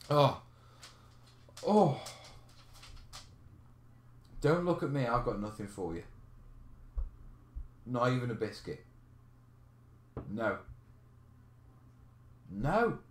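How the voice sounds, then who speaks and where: A man's voice: medium pitch, big pitch swings, drawn-out words, long pauses, slight background noise. Chatty man in an echoey room. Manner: chatty, laughing, reads out chat comments. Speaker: live stream host answering viewer questions. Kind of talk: casual live stream chat. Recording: roomy echo.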